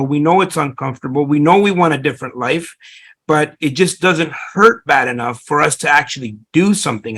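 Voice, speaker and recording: A middle-aged man speaks as an interview guest, his voice gravelly and sitting a little high. He rambles through his story, restarting sentences and leaning on fillers as he goes. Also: fairly bright tone. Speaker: real estate investor guest.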